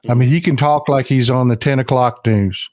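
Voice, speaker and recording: A man's voice: medium pitch, fairly even intonation, normal speed, a little mellow, dry recording. A man hosts a casual political chat with a folksy, blunt delivery. His voice sounds dry, with no room around it. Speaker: host.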